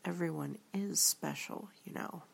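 A woman reading a story aloud in a soft, often whispered way. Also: lowish voice, unhurried, gravelly, breathy edge. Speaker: reader.

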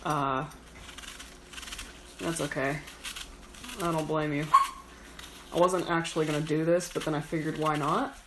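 Low-voiced woman rambling while cooking. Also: flat delivery, measured pace, long pauses. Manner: rambling, profane, self-mocking. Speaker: home cook. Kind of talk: casual chat while cooking. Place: home kitchen. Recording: kitchen noise with knife chopping.

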